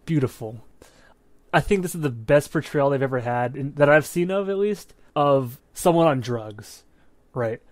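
A man's voice: mid-range voice, normal speed, dry recording. A man co-hosting a movie podcast, talking casually and with plenty of swearing, often checking in with "right?". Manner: animated, profane, keeps checking in with "right?". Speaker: podcast co-host. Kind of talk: casual movie review chat.

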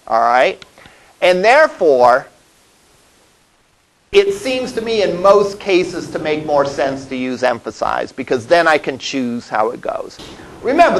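A man's voice: a little high, animated, a little slow, low-quality recording. A male college instructor giving a classroom lecture, explaining step by step and often checking in with "all right?". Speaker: college web development instructor.

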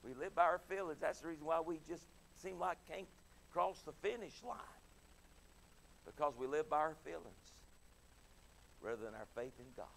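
A middle-aged man preaching an evening sermon with passion, dropping soft and then rising loud as he acts out pleading voices. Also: fairly high pitch, expressive, moderate pace, vocal fry, pauses often, slight background noise.

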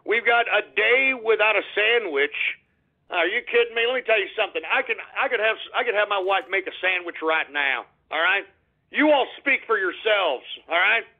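A Texan man hosting a call-in internet radio show, ranting abrasively, cursing and yelling at trolls. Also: high voice, lively intonation, moderate pace. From Texas. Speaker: radio talk show host. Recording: tinny phone-like internet radio audio.

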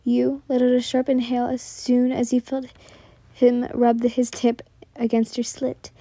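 A young woman reading a second-person fan fiction story aloud in a soft voice that often drops to a whisper, stumbling and restarting lines. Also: fairly high pitch, monotone, unhurried, no room sound. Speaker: story narrator.

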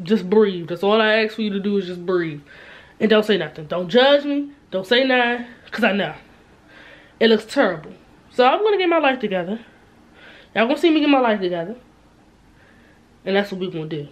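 Her voice sits at medium pitch, expressive and fairly quick. The woman, in her twenties, is a vlogger talking casually to her own camera, filling the chat with fillers and asides to viewers as she goes from a store to her bedroom.

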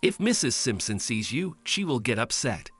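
A man's voice: medium pitch, sing-song, normal speed, fairly bright tone, slightly rough, soft background music. Guy putting on a sad sweet little girl, eager, pleading, bouncy voice. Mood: earnest.

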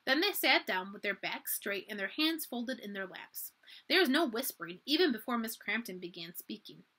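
A woman reading a children's book aloud for a library, expressive and lively. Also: fairly high pitch, moderate pace. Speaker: library storyteller.

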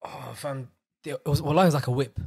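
Fast-talking young man. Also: fairly high pitch, gravelly, breathy edge. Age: 20s. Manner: animated storytelling with slang. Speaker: podcast co-host. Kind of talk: casual chat.

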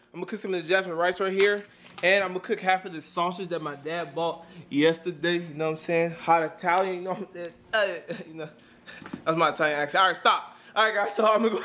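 A young man talking straight to a handheld camera in a crude, joking vlog. His voice sits high and sounds bright and forceful. Every so often he breaks into loud, shouted hype. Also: slight background noise. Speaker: fitness vlogger. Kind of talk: casual vlog chat to camera. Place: gym and home.

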